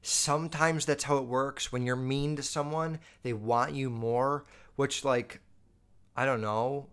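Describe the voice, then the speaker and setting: A man's voice: mid-range voice, fairly even intonation, a little slow, a bit bright, clear, resonant tone. Young guy on his podcast, rambly storytelling, swears a ton, says like every other word. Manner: rambling, heavy swearing, lots of "like". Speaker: podcast host. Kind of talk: casual storytelling monologue.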